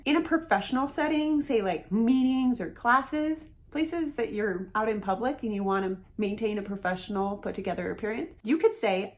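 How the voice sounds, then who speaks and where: A woman's voice: a little high, normal speed, hardly any pauses. A woman giving an encouraging instructional talk to camera about asking people to repeat themselves. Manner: earnest, encouraging, acts out sample phrases. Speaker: hearing-loss educator.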